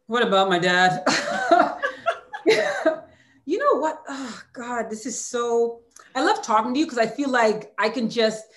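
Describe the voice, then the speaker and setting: A woman's voice: a little high, animated, normal speed, echoey room. A woman in her forties, an author speaking candidly and with heartfelt emotion in an interview. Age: 40s. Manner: candid and heartfelt, near tears at times. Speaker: author and former hurdler, guest.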